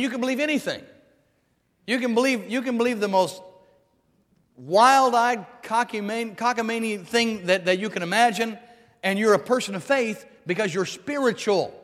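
High-voiced preacher man in an echoey hall. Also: normal speed, a bit bright. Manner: emphatic preaching with repetitions and restarts. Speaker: pastor. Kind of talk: sermon.

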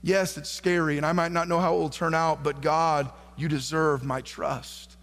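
A man's voice: fairly high pitch, little pitch movement, normal speed, a bit bright. A male pastor preaching a sermon, reading scripture aloud and calling questions out to the congregation, building to fervent emphasis. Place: church sanctuary. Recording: long hall reverb.

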